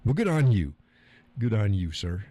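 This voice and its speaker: A man with a lowish, mellow, sing-song voice speaks at normal speed. On his live stream he reads viewer comments in a casual, rambling chat, chuckling and joking with profanity.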